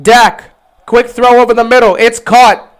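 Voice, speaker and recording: A man hosting a livestream, giving casual play-by-play commentary and reacting loudly to big plays. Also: measured pace. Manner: excitable, swings from low musing to loud shouting on big plays; chatty, talks straight to players and chat. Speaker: livestream host calling the game.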